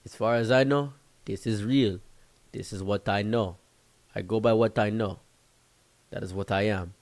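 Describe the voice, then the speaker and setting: A calm, formal African man who speaks in measured, firm sentences and lays out his opinions as plain fact, as a storyteller puts him on. His voice sits a touch lower and softer than the teller's own. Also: natural voice. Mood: matter-of-fact.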